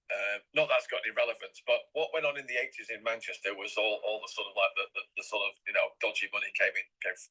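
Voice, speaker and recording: A man's voice: lowish voice, steady tone, fast, hardly any pauses, sharp tone, husky, poor audio. A middle-aged man from England, rambling and repeating himself as an interview guest. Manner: rambling and repetitive.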